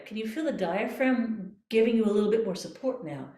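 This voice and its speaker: A woman voice coach calmly guiding a breathing exercise, repeating gentle cues. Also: medium pitch, quick pace, hardly any pauses. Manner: calm, coaxing, repeats cues. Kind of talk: guided breathing exercise instruction. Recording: echoey room.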